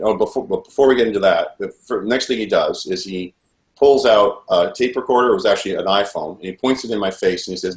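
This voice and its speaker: Intense man, low voice, echoey. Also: quick pace. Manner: earnest, intense storytelling that replays dialogue. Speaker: witness giving testimony. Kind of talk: personal testimony, recounting events. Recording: echoey room.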